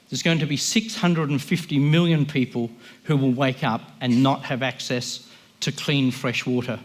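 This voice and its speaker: A man giving an impassioned, emphatic sermon as a guest speaker, often voicing the people he quotes. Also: fairly high pitch.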